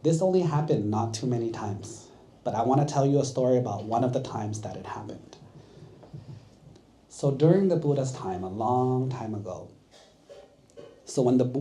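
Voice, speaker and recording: Monk, sermon for kids, mellow voice, keeps quizzing the audience. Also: male voice, mid-range voice, a little hiss or hum. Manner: asks the audience questions, checks with 'right?'. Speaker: monk teaching children. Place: temple.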